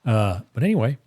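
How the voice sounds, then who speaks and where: A man's voice: medium pitch, gravelly, warm tone, breathy edge. A man streaming a western role-play game, chatting in a rambling, playful way and talking to his horse while staying in character. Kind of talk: casual chat while role-playing in a game.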